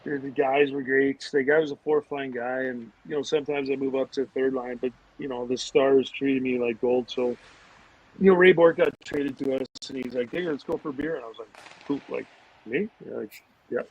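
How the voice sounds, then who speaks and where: A man's voice: mid-range voice, a little fast. A man, a former pro hockey player, telling rambling casual stories as a podcast guest, full of fillers and restarts. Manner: rambling, animated anecdotes with many fillers. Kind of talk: casual storytelling. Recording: dull lo-fi audio.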